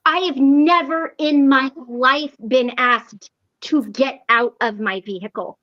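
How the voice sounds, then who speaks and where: High-voiced woman telling a lively story. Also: slow, no room sound, dull audio. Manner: animated, laughs often while telling a story. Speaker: host of a recovery meeting. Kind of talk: casual storytelling.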